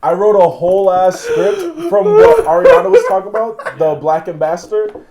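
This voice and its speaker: A man's voice: high voice, wildly swooping pitch, normal speed, a crowd in the background. A man hosting a casual podcast chat, joking, laughing often and swearing freely. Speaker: podcast host.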